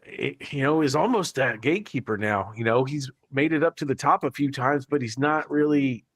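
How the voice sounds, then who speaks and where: A man's voice: mid-range voice, normal speed, no room sound, clean studio sound. A man talking on a casual podcast panel, hedging often and filling gaps with "you know.". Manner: hesitant, many "you know" fillers. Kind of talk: casual sports chat.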